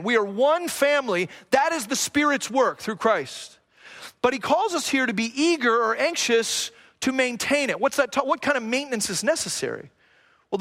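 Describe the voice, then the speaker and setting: High-voiced pastor preaching earnestly. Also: male voice, bright, forceful tone. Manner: earnest, repetitive preaching cadence with rhetorical questions; self-deprecating asides, jokes about his own accent. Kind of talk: sermon.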